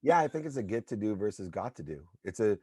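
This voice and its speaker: Low-voiced energetic man, motivational. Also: fast talker, breathy edge, no echo, clean studio sound. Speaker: podcast guest. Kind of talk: casual interview talk.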